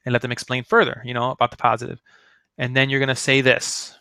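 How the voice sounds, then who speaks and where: Man, sales trainer, bright tense voice, dry close sound, chatty with fillers. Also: medium pitch, flat delivery, fast talker, dry recording. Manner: chatty, filler-heavy, acts out sample phone lines. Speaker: network marketing trainer. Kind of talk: casual training talk.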